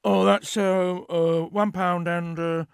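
A man reading a story who voices an odd, sheepish barber with a mumbling, halting delivery. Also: high voice, level tone, vocal fry, clean tone, no echo, clean studio sound, exaggerated voice.

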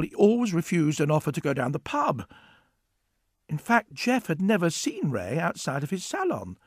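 A man reads a story aloud in a wry, expressive manner, his voice sitting a little high. His pitch moves a great deal, and the recording is dry and close. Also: slightly rough, no echo. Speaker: narrator. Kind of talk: storybook reading.

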